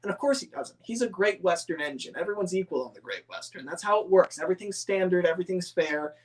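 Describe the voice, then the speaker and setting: Un hombre de voz algo aguda charla de forma informal y entusiasta, divaga, se corrige a menudo y llena las pausas con muletillas. Habla como aficionado que responde preguntas de sus seguidores. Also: male voice, sits high, lively intonation. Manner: rambling, many fillers and restarts, enthusiastic. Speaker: scale model hobbyist answering viewer questions. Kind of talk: casual chat.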